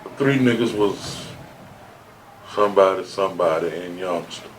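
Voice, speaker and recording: A man's voice: sits low, moderate pace, slight background noise. Guy telling stories at an interview, swears a lot, acts out what people said, faint clicking in the back. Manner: animated storyteller, swears freely, acts out quotes. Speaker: interview guest, rapper. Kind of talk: storytelling interview.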